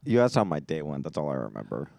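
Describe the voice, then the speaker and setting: A man's voice: rumbling low, very animated, quick pace, vocal fry, dark tone, dry recording. A young man co-hosting a casual chat, asking questions and teasing dryly. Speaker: co-host.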